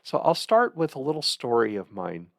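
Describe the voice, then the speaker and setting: A man's voice: mid-range voice, wildly swooping pitch, normal speed, creaky, no echo, studio quality. A man in his sixties, a podcast host who tells a story in a rambling, hesitant monologue and chuckles now and then. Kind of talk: casual monologue.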